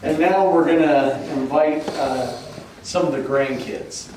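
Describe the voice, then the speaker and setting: Memorial emcee calling up speakers, raised pitch, far from the mic, noisy room. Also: male voice, takes it slowly, darkish tone. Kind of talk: introducing speakers. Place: memorial service hall. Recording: echoey hall from far off, noisy.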